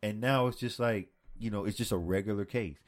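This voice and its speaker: A man's voice: lowish voice, fairly quick. Joking, profane man in casual banter. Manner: joking, profane, acts out quoted voices. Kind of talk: casual group chat.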